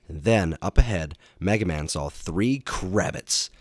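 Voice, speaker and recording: Deep-voiced man reading a storybook. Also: measured pace, dry recording, clean studio sound. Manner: steady, expressive storytelling. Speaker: narrator.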